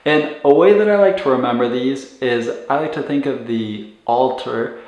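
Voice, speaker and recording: A man with a medium-pitched, darkish voice teaches medical vocabulary at a moderate pace, explaining patiently and repeating words so learners can follow the pronunciation. The instructional recording has a roomy echo.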